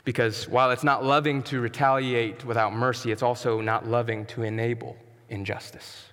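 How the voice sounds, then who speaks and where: A man preaching a sermon as pastor, earnest and emphatic, sometimes dropping to a soft, quiet tone. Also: mid-range voice, little pitch movement, normal speed, in a large hall. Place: church sanctuary.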